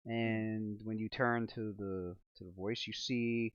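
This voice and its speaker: Slow, halting male game master. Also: fairly low pitch, fairly even intonation, smooth, no room sound, lo-fi sound. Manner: halting, with many fillers. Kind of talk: narrating a tabletop game.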